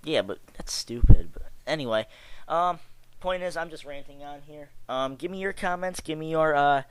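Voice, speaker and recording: A man's voice: on the high side, lively intonation, normal speed, clean tone, poor audio. A young man from Chicago giving a rambling, exasperated and sarcastic casual rant about wrestling, full of fillers and restarts. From Chicago area. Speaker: wrestling vlogger.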